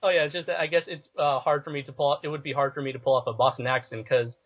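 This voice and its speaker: A man's voice: on the high side, fairly even intonation, rapid-fire. A young man co-hosting a podcast, chatting casually and hesitantly. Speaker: podcast co-host. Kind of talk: casual chat. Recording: dull lo-fi recording.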